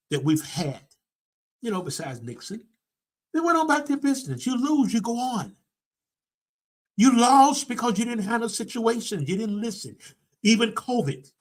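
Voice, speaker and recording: Emphatic man preaching with repeated phrases. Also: sits high. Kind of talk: sermon-style commentary.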